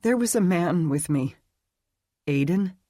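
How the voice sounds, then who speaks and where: A woman's voice: fairly low pitch, lively intonation, takes it slowly, warm tone, dry recording, clean studio sound, voice pushed up. A narrator voicing a frightened but tough young woman held captive, asking urgent, breathless questions in a raised voice.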